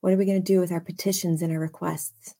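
A woman leading a casual Bible study, reading scripture aloud with expressive emphasis and chatty asides. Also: fairly low pitch, fast talker. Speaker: Bible teacher.

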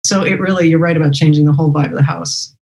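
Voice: mid-range voice, fairly even intonation, fast, gravelly, darkish tone, rough recording. A podcast host talking casually, reflective and affirming.

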